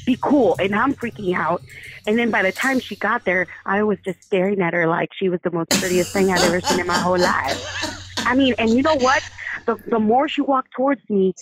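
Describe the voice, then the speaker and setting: A woman guest in an excited casual chat on a live stream, gushing, laughing often as she tells a story, heard over a phone call. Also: mid-range voice, fairly quick, music in the background.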